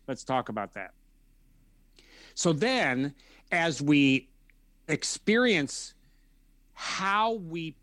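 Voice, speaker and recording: A man answering an interview question, explaining feelings in a measured way and repeating phrases as he lists them. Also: medium pitch, a bit bright, dry recording. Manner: measured, repetitive listing of feelings. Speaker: guest expert.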